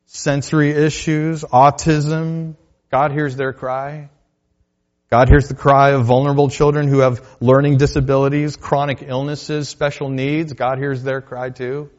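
A male pastor delivering a sermon, moving between loud declarations and quiet, hushed asides. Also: mid-range voice, muffled recording.

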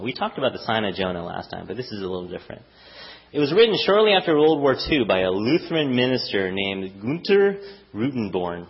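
Lively pastor preaching in a conversational way. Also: male voice, medium pitch. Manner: conversational, animated, often acts out voices. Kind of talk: sermon. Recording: dull lo-fi recording.

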